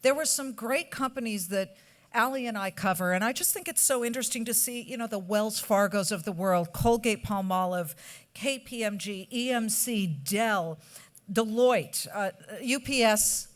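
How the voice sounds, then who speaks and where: A woman's voice: mid-range voice, normal speed. A woman from California giving a chatty award speech at a charity gala, with joking asides to the audience at a podium microphone. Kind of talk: after-dinner award speech. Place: banquet hall.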